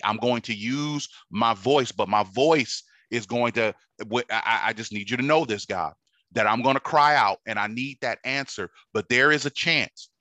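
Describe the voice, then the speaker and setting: A man's voice: medium pitch, pushed and bright, no room sound. A man preaching a sermon in a conversational teaching manner, repeating phrases and checking in with his listeners. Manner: repetitive, conversational teaching with frequent check-ins.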